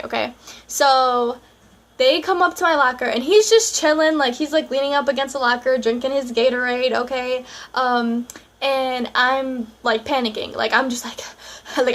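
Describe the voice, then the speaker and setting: A woman's voice: sits high, a bit bright. A young woman vlogger telling a personal story in a casual, chatty way, full of "like" and acted-out dialogue.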